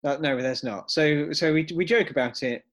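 A man co-hosting a satirical podcast, talking in a dry, wry, deadpan way. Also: fairly high pitch, normal speed. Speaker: podcast co-host.

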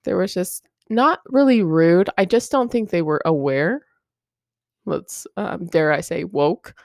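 A woman's voice: lowish voice, a little slow, creaky, a little mellow, no echo, studio quality. A young woman co-hosting a casual podcast, telling a story animatedly, swearing and laughing as she talks. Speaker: podcast co-host. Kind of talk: casual chat.

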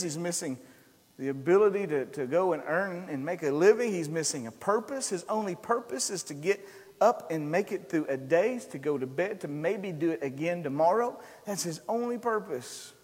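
A man's voice: a little high, a bit bright, in a large hall. A man preaching a sermon as pastor, impassioned and repetitive, driving his points home in emphatic cadences.

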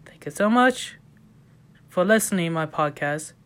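A woman from the United States hosting a casual solo podcast, talking in a rambling, halting way with loose grammar and many fillers. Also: lowish voice, lively intonation. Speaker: podcast host.

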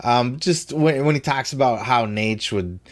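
A man hosting a wrestling podcast, talking in a blunt, profane, animated way. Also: medium pitch, unhurried. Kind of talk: casual opinionated commentary.

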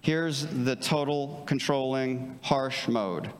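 A man's voice: medium pitch, normal speed. A man preaching a sermon as pastor, earnest and conversational, often checking in with his listeners. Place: church sanctuary. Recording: church hall reverb.

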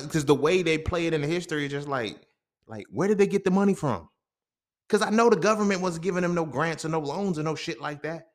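A young man hosts a podcast alone, offering blunt, profane commentary in a casual, conversational storytelling style. His voice sits on the high side with a fairly bright tone.

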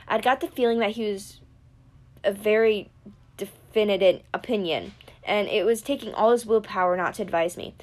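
A woman narrating a first-person audiobook with steady storytelling. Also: medium pitch, normal speed. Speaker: audiobook reader.

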